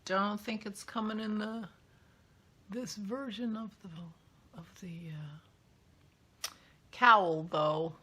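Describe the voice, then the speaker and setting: A woman's voice: mid-range voice, very slow, pauses often, sharp tone, breathy edge. A woman hosting a knitting vlog in a chatty, rambling way, often dropping to a whisper as she shows yarn. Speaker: knitting podcast host. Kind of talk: casual vlog chat while unboxing yarn.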